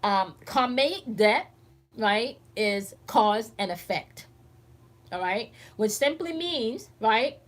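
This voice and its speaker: A woman's voice: on the high side, expressive, takes it slowly. A woman hosting a casual spiritual teaching stream, talking emphatically and bluntly with lots of swearing, constantly checking in with her listeners. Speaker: spiritual teacher and channel host.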